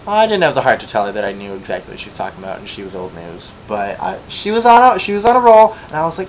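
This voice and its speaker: A young man from Michigan telling a long casual story in a vlog, chatty and gossipy, with sassy asides and lively quoted voices. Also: on the high side, rapid-fire, hardly any pauses, highs cut off, slight background noise. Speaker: vlogger.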